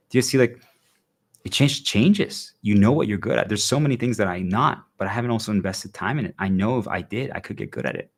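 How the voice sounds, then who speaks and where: A man's voice: fairly low pitch, very animated, quick pace. A man talking casually and earnestly to his viewers, rambling and often asking whether they understand. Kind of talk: casual monologue to an audience.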